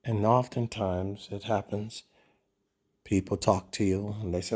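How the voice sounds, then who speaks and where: Low, husky-voiced male preacher. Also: fairly even intonation, a little slow, a little mellow. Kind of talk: sermon.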